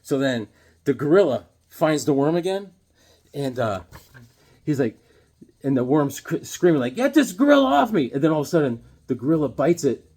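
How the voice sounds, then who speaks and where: A man's voice: mid-range voice, moderate pace, dark tone. A man casually showing off and recapping comic books, talking in an enthusiastic, rambling way with many restarts and fillers. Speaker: comic book reviewer. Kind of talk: casual comic book show-and-tell.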